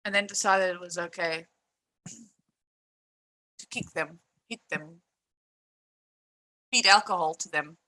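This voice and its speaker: Bright-voiced woman ranting on stream. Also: lowish voice, takes it slowly, long pauses, poor audio. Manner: frustrated, emphatic, swears, repeats herself. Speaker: live streamer. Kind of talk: live-stream rant.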